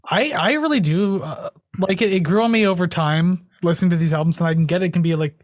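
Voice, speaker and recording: A man's voice: high voice, fast talker, no echo, clean studio sound. A young man co-hosting a music podcast, enthusiastic and rambling, saying "like" a lot. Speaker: podcast co-host. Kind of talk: casual chat.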